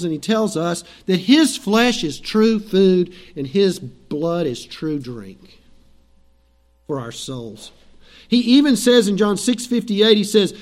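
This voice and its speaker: High-voiced man preaching a conversational sermon. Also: darkish tone. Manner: storytelling, conversational, acts out biblical quotes. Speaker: pastor.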